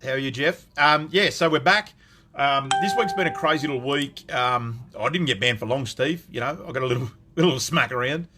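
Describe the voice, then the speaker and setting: A man's voice: medium pitch, moderate pace, very noisy. Chatty Australian man greeting viewers. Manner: chatty, greets viewers by name, lots of ums. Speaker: gun shop owner hosting a live stream. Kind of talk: casual live-stream chat.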